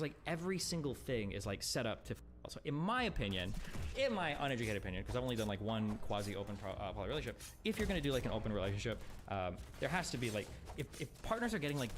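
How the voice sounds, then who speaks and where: A man's voice: fairly low pitch, lively intonation, music in the background. A man talking casually on a livestream, rambling with lots of fillers and swearing, blunt and exasperated. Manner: rapid, rambling, profane, heavy fillers. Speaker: streamer.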